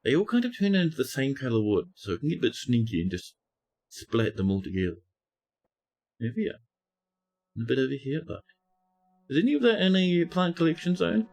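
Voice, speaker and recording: A man's voice: mid-range voice, very animated, a little fast, long pauses, a little mellow. A man giving chatty live-stream commentary as he plays a game, talking to his chat and scolding the characters on screen. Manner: chatty, talks to chat while playing.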